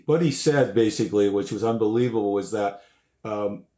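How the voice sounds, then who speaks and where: Older man telling animated stories, roomy sound. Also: on the low side, moderate pace. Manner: animated, swears, acts out quotes and sounds. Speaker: guest musician. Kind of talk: casual storytelling. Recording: roomy echo.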